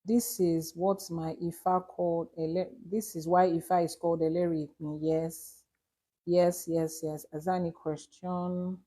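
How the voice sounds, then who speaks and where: A woman's voice: on the low side, level tone, a little slow, warm tone. A Nigerian woman, an Ifa priestess, teaching on a live stream and answering viewers' questions, explaining with examples and repeating her key points. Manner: explains with examples and repetition, emphatic.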